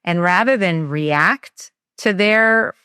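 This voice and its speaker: A woman co-hosting a parenting podcast, speaking in a thoughtful, measured way with small pauses as she works through ideas. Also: on the low side, sharp tone, clear, resonant tone, no echo, studio quality. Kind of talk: casual conversational podcast.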